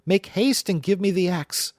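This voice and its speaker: A brave, nimble young boy from a fairy tale, speaking up high and eager, as a male narrator does him. He calls out with bright urgency over a dry, close sound. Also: big pitch swings, moderate pace, no room sound. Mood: urgent.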